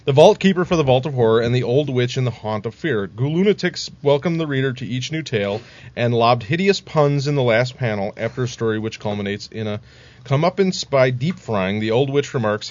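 A man's voice: medium pitch, animated, fairly quick, darkish tone, no echo, lo-fi sound. A man co-hosting a podcast, reading a scripted history aloud in a casual way and laughing at his own slips.

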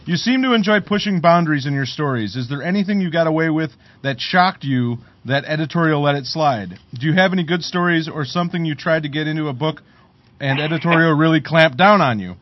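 Animated podcast host, slightly high voice. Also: male voice, brisk, highs cut off. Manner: animated, laughs easily. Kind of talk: casual podcast chat.

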